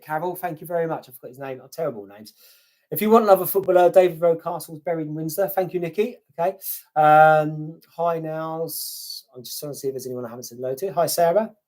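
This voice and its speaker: A man's voice: on the high side, a little mellow. Chatty British man on a live stream. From United Kingdom. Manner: chatty and self-deprecating, swears casually. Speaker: YouTube grave-visiting channel host. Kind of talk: casual live stream chat, reading viewer comments. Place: at home.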